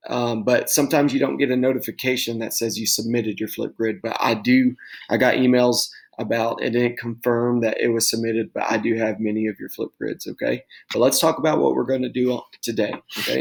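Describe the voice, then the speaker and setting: A young man from Texas records class instructions from his home office. His voice has a gravelly, fry-edged grain at a medium pitch, and his delivery is loose and casual, full of ums and check-in okays. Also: poor audio. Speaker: teacher.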